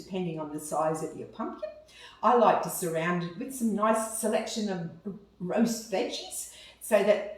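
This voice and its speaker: An Australian woman chattily demonstrating a meal step by step for a cooking video. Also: on the low side. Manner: chatty, cheerful, explains step by step. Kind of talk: casual food demonstration. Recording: very echoey room, mic far off.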